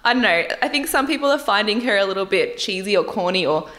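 A woman's voice: medium pitch, lively intonation, fast, fairly bright tone. Chatty woman, laughing often. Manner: chatty and candid, laughs often, swears casually. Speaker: vlogger reviewing a dating show. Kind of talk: casual chat.

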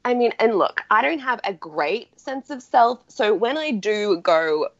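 A woman's voice: on the high side, animated, measured pace, no echo, lo-fi sound. A woman with a broad Australian accent, a podcast guest, bubbly and laughing often in casual chat.

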